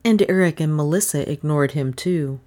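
A woman with a low voice reads a story aloud, brisk and wry in her delivery. She keeps an even storytelling pace through the narration. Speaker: audiobook narrator. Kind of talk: scripted narration.

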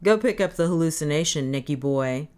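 A woman's voice: low-pitched, lively intonation, a little fast, darkish tone. Woman playing a drunken jovial captain. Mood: mocking. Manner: boisterous, mocking, slurred. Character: drunken, jovial, needling ship captain, grown man.

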